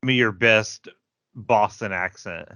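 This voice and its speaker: A man's voice: on the low side, slow, bright, forceful tone, smooth, no echo, studio quality. A man co-hosting a podcast in casual chat, giving short, hesitant replies. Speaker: podcast co-host.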